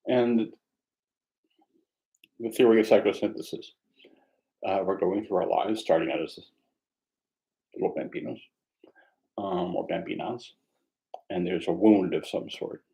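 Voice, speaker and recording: Man, meditation teacher, low mellow voice, reflective, conversational, self-mocking humor. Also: steady tone, a little slow, creaky, pauses often, low-quality recording. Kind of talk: mindfulness dharma talk.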